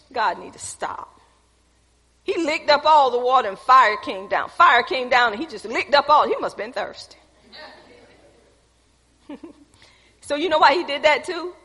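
High bright preaching woman. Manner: animated preaching, addressing the congregation as y'all, reading scripture aloud. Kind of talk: sermon. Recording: echoey hall reverb.

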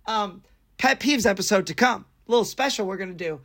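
A man's voice: sits high, a little fast, a bit bright. A man co-hosting a casual podcast, ranting emphatically about his pet peeves. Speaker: podcast co-host.

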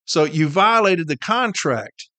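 A man's voice: a little high, animated, slow, bright, forceful tone, no room sound. A man, a podcast host and union representative, ranting casually in a blunt, heated and profane way, tired and irritated, hammering his points home by repeating them.

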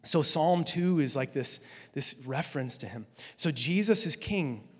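A man's voice: fairly high pitch, expressive, a little slow, fairly bright tone, slightly rough. Man preaching in a reverberant hall. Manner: conversational preaching, emphatic swells. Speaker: pastor. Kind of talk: sermon.

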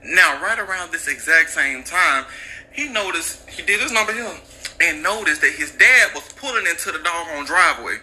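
A man casually retelling a true crime story with jokes and slang, animated and chatty. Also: fairly high pitch, normal speed, a little hiss or hum, rough recording.

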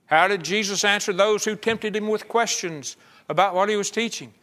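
A man's voice: high-pitched, normal speed, pushed and bright. A man preaching a conversational sermon at a church service, acting out the voices he quotes.

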